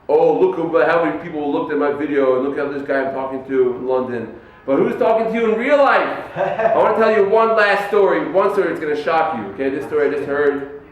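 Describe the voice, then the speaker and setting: Fast-talking, animated rabbi in an echoey hall. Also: male voice, a little high. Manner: animated storyteller acting out quoted people. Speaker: yeshiva rabbi giving a talk to students. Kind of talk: lively sermon with told stories. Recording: echoey room, mic far off, faint noise.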